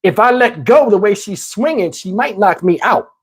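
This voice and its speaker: A man in his fifties hosting a livestream, telling a story casually and profanely, animated and rambling with many restarts. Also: sits high, moderate pace, slightly rough. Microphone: wearing a microphone.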